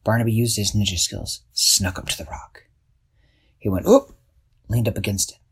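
A man narrating a children's story, expressive and slowing down for suspense. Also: fairly low pitch, husky.

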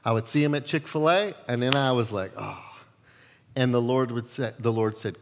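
A male pastor preaching a sermon, telling stories with lively acted-out quotes. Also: medium pitch, fairly quick, big-room sound. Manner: animated storytelling, acts out quotes.

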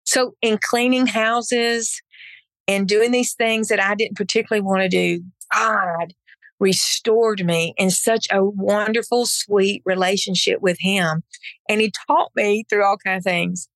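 A middle-aged woman at a podcast mic tells a personal story of faith in an earnest, emphatic voice. She acts out her own past words, and her pitch sits in the middle for a woman. The recording is close and dry, with no room sound. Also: fairly even intonation, measured pace, a bit bright, dry recording. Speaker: podcast guest. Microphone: podcast microphone.

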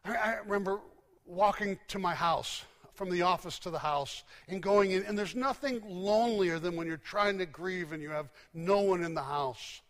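A man preaching a sermon, telling stories emphatically and dropping to hushed, low endings. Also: moderate pace. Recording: long hall reverb.

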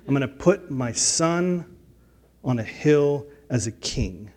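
A man's voice: mid-range voice, animated, slow pace, a little mellow. A middle-aged man preaching a sermon, earnest and building to emphatic peaks, with frequent restarts. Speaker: pastor.

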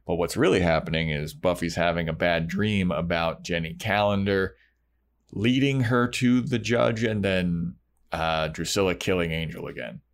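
A man's voice: low-pitched, moderate pace. Man casually recapping a TV episode. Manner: loose, recapping plot with acted-out quotes. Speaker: podcast co-host.

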